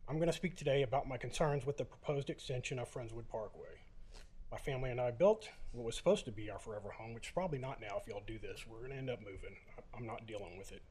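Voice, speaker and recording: A man's voice: medium pitch, fast, darkish tone, slightly rough. Emotional man holding back tears. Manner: plainspoken, emotional, many uhs. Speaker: resident giving public comment. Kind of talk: public comment at a council meeting. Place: city council chamber.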